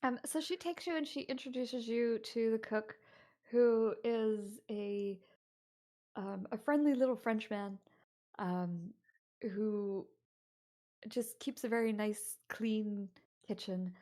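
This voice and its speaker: A woman's voice: a little high, slow pace, dark tone. A woman narrating as dungeon master in a tabletop game, chatty and full of fillers. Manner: chatty, laughing, many fillers.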